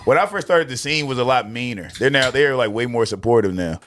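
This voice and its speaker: A man's voice: medium pitch, fairly quick, music in the background. A young man from Philadelphia, a guest comedian, telling stories in casual podcast chat, laughing as he goes. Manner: animated, laughing storyteller.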